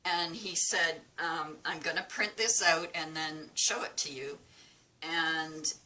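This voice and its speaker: Low-voiced woman telling a chatty story. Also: slow, bright, forceful tone, rough recording. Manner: chatty, retells dialogue with quoted voices. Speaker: crafting vlogger. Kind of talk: casual storytelling while crafting.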